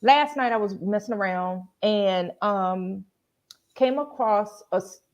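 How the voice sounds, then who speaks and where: A woman's voice: medium pitch, takes it slowly. A woman co-hosting a casual panel chat, talking in a rambling, chatty way. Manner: rambling, chatty, loses her train of thought. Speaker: panel co-host.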